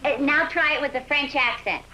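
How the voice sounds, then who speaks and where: An actress in a 1960s sitcom playing a brisk, scheming Navy lieutenant who gives the orders. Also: female voice, high-pitched, sharp tone. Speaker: lieutenant leading the Waves. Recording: noisy old TV soundtrack with laugh track.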